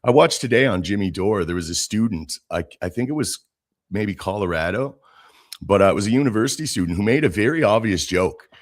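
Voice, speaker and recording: A man's voice: on the low side, animated, brisk, no echo, clean studio sound. A man co-hosting a podcast, talking casually and bluntly about politics, swearing freely. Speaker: podcast co-host.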